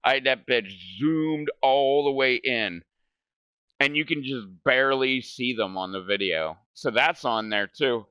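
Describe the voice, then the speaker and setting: A man's voice: medium pitch, a little slow, sharp tone, clear, resonant tone, no echo. A man hosting a gaming channel, telling a story in casual chat. He rambles, swears a lot and keeps saying "like". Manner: rambling, profane, fills speech with "like".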